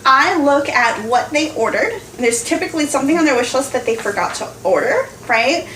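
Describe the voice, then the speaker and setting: A woman's voice: sits high, expressive, brisk, a bit bright. A woman leading a sales team meeting, chatting casually, laughing and acting out her customers' voices. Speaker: team leader of home party sellers. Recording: far-off echoey room recording with faint noise.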